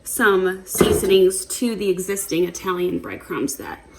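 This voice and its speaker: With a fairly low, unhurried voice and vocal fry, this woman chats through a cook-along in her home kitchen, recorded by a tripod camera with very noisy audio. The vlogger is giggly and talkative, wandering off topic and using lots of fillers as she addresses viewers.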